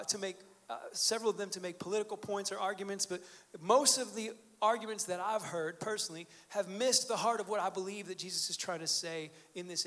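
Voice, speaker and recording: A man's voice: sits high, a bit bright. A pastor in his thirties or forties giving a sermon in a church, casual and joking, telling stories with many fillers. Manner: conversational, joking storytelling with fillers. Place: church sanctuary.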